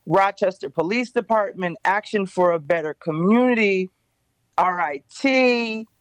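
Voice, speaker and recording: A woman appearing as a guest on a morning radio show, explaining the details of an event in a steady, informative way. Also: medium pitch, measured pace, no echo. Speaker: radio show guest, job fair organizer. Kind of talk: casual radio interview.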